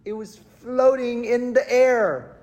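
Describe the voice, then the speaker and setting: A preacher gives a relaxed, conversational sermon at an unhurried pace. The delivery is animated and talky, and the speaker keeps turning to the listeners for agreement. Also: mid-range voice. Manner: animated, chatty, keeps asking "right?". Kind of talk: casual conversational sermon storytelling. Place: church worship service.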